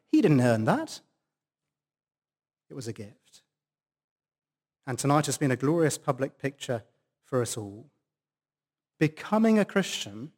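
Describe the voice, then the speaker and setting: A man's voice: medium pitch, darkish tone. A man preaching a sermon at a church service, stressing key words for emphasis.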